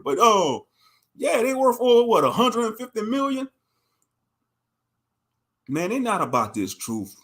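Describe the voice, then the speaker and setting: A man's voice: high voice, big pitch swings, measured pace, pauses often, a bit bright. A man in his thirties giving a profane, mocking, rambling commentary on a livestream. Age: 30s.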